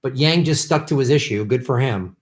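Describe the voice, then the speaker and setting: Brisk and mid-range, the man's voice carries an unscripted tirade against politicians on his political livestream. He swears, shouts, and rants bitterly throughout.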